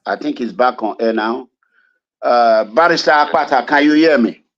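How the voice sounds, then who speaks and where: A man's voice: medium pitch, fairly bright tone, lo-fi sound. A man from Nigeria hosting a live call-in show, taking calls and steering around a bad connection. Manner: managing calls over a bad connection, brisk and directive. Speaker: radio talk show host.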